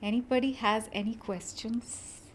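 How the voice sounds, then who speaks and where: A woman's voice: a little high, fairly even intonation, moderate pace. A woman hosting a podcast interview, giving brief encouraging replies and laughing often. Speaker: podcast host. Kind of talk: casual interview chat.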